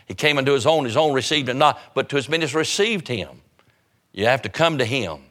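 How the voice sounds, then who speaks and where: A man's voice: mid-range voice, lively intonation, a little fast, a bit bright. A man preaching an evangelistic sermon, urgent and fervent, hammering home repeated phrases.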